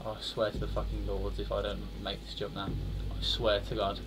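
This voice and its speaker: A young man commentating on his own horror-game playthrough, muttering and swearing, then bursting into loud shouts. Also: on the low side, monotone, normal speed, very noisy. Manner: swears a lot, swings from muttering to loud outbursts. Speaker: gaming streamer. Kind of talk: let's play commentary.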